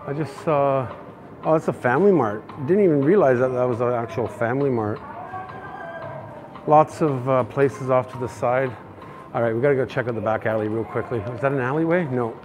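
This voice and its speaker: A Canadian man narrating a casual walking tour of city streets, chatty and excitable. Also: mid-range voice, fairly quick, over music. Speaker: vlogger. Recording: faint outdoor street noise. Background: faint traffic and street noise.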